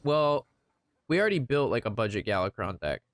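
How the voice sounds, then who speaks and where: A man chatting casually while playing a card game, retelling an anecdote in an animated, rambling way. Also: medium pitch, fairly quick, dry recording, studio quality. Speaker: gaming streamer. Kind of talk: casual gameplay commentary with storytelling.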